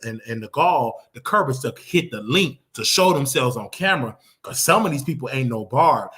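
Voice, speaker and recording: A man's voice: mid-range voice, a bit bright. A man hosting a casual gossip commentary show, talking in a blunt, rambling way that loops back and repeats itself. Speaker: show host.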